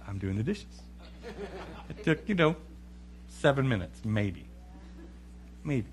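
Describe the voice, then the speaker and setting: A middle-aged man telling a funny family story in an animated, chuckling way. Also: medium pitch, slow, a little hiss or hum. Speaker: speaker. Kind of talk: humorous storytelling talk.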